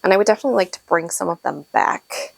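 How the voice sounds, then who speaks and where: Talking fast in a lowish voice with vocal fry, this thirtysomething woman rambles chattily to camera as host of a knitting podcast. She laughs frequently, restarts her sentences, and sits close to the mic, with no echo in the recording.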